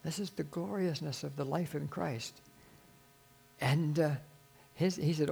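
A man's voice: fairly high pitch, a little fast, vocal fry. An older man preaching a sermon earnestly, rising to emphatic peaks and acting out dialogue with God.

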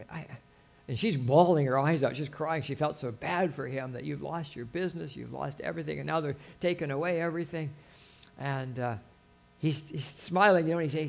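Gravelly-voiced man preaching. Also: a little high, moderate pace. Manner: conversational preaching with anecdotes and restarts. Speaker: pastor. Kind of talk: sermon.

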